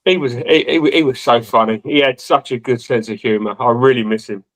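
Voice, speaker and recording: A man's voice: medium pitch, brisk, fairly bright tone. A man co-hosting a casual online chat, jokey and fond, speaking over a video call.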